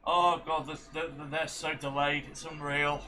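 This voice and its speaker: A man's voice: fairly high pitch, level tone, a little slow, background noise. A man reacting to a video, casual and frustrated, swearing and tripping over his words. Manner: frustrated, swearing, stumbling restarts.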